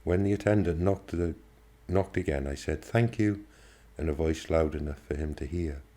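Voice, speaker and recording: Man, audiobook reader, first-person novel, steady measured pace, very deep voice, dark mellow tone.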